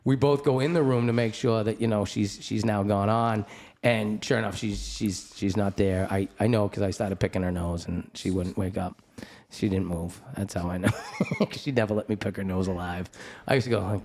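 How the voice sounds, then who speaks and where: A middle-aged man hosting a podcast, telling a story in casual chat, swearing often, laughing as he talks and acting out other people's voices. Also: moderate pace. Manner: profane, animated, laughing storyteller; acts out other people's voices with big pitch jumps. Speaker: podcast host.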